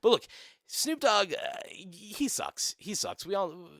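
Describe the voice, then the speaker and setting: Young man, live-stream rant, sarcastic and profane, lively swinging pitch, dry close sound. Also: slow pace, no echo. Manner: profane, sarcastic, laughs often.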